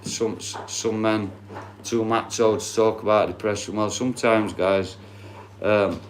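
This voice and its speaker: A Yorkshire-born livestreamer in his late forties speaks in a fairly low, steady voice, a little slow, while chatting casually and profanely straight to his viewers in a Yorkshire accent. There's a slight hiss or hum in the audio.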